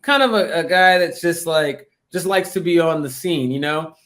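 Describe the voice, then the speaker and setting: Male podcast co-host, slightly raised pitch, loose profane storyteller who stumbles and repeats words. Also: lively intonation, moderate pace, fairly bright tone. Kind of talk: comedic improvised storytelling.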